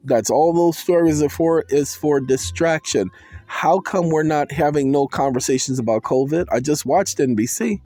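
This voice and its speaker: A man giving a casual, animated monologue to his viewers, calling out to them and slipping into sing-song bursts, with soul music playing behind him. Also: fairly high pitch, normal speed. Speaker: vlogger.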